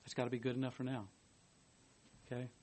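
A man giving a sermon, reading a commentary aloud and adding his own asides, moving between emphatic bursts and quiet, hushed stretches. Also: mid-range voice, quick pace. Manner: lively, swings from emphatic to hushed. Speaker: preacher.

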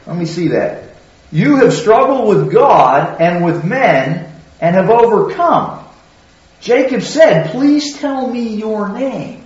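Questioning preacher in an echoey hall. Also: male voice, high-pitched, sing-song, takes it slowly, a little mellow. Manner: conversational teaching, asks the listeners questions. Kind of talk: sermon. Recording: very echoey hall, distant mic, dull sound.

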